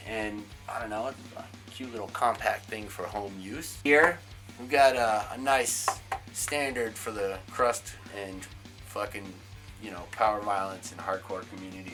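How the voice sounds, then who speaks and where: A man's voice: on the low side, a bit bright. A young man from a band giving a casual tour of his home and backyard, offhand and swearing a lot. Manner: profane, jokey and offhand. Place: home, indoors then backyard.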